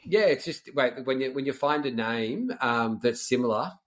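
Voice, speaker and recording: A man's voice: mid-range voice, expressive, moderate pace. A man with an Australian accent, a podcast host chatting in a friendly, matey way with lots of fillers. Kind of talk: casual chat.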